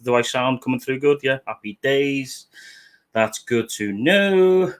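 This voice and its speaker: British man, livestream host, casual banter, average pitch. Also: steady tone, unhurried. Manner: sweary, jokey, fiddling with his setup while talking. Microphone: webcam setup at a desk.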